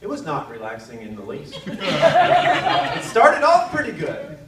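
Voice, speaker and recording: Speaking slowly in a voice on the high side, this thirties-something North Carolina comic swings hugely in pitch. He's doing a self-mocking stand-up routine at an arts center, switching into quoted voices while the audience laughs. Captured from a distance in an echoey room, the audio carries loud hiss.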